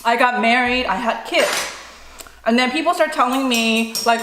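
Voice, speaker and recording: Mukbang mom, playful and joking, slightly high, recorded in an echoey kitchen. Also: female voice, normal speed, a little hiss or hum. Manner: animated, playful and self-mocking. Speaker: mukbang vlogger, mother. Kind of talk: casual chat while eating. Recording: echoey room with faint dish clatter.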